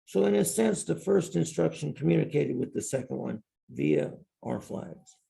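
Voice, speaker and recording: A man's voice: a little high, lively intonation, normal speed, gravelly, mellow. A male professor giving a university lecture in a classroom, explaining step by step and repeating key terms.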